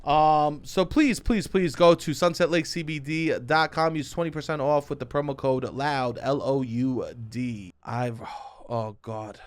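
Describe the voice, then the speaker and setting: A young man with a New York accent, co-hosting a casual podcast and telling stories loudly, breaking into shouts. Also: a little high, measured pace, few pauses, smooth, no room sound. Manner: loud, animated storytelling with shouted bursts. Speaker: podcast co-host. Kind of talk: casual chat.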